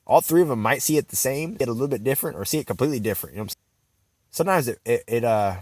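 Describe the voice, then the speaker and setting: A man's voice: medium pitch, expressive, rapid-fire, darkish tone, no echo. Rambling slang-heavy young man, dry sound. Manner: rambling, profane, filler-heavy slang, says "bro" constantly. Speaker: vlogger. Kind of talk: rambling storytelling vlog.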